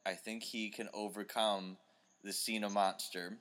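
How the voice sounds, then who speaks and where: A man's voice: fairly low pitch, flat delivery, measured pace, fairly bright tone, smooth. A man co-hosting a casual wrestling podcast, playful and teasing. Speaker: podcast co-host.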